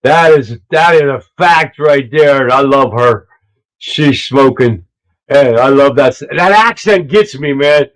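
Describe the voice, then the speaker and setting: Loud, rambling livestream host, man. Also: mid-range voice, a little slow, rough recording. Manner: loud, rambling, laughs at his own clips. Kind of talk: casual livestream commentary. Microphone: earpiece mic.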